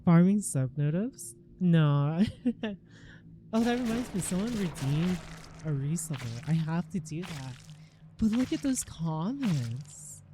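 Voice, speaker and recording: A woman's voice: on the low side, very animated, slow pace, dark tone, slight background noise. A young woman streaming and chatting casually, reacting with giggly disbelief. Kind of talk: casual chat.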